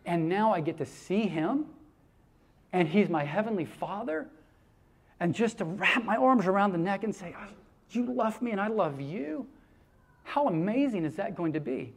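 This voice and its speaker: A man preaching a sermon, telling stories in an animated way with laughter and acted-out quotes. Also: high-pitched. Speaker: pastor.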